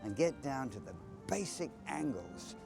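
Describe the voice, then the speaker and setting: A man's voice: medium pitch, sing-song, unhurried, gravelly, music in the background. A man from London recalling his working life in a documentary interview, reflective and candid.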